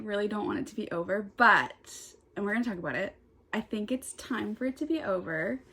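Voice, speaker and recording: A young woman chats into a close camera outdoors in the sun, reflecting on a book she has finished. Her talk is casual and emotional, spilling over with "like" and loose restarts. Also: mid-range voice. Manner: emotional, gushing, filler-heavy with many "like"s. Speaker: book vlogger. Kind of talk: casual vlog chat.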